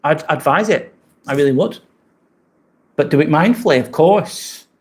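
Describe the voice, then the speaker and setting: A man's voice: a little high, lively intonation, normal speed. A man with an English accent hosting a casual live stream from an apartment, chatting and answering viewer comments as they come in. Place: rented apartment indoors.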